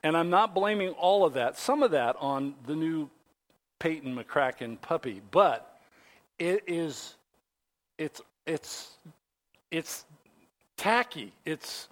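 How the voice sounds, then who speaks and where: A high-voiced man delivers a sermon as a folksy, rambling story. He talks casually to his listeners and fills the gaps with plenty of fillers and restarts. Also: animated, takes it slowly, pauses often. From Pacific Northwest. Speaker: pastor.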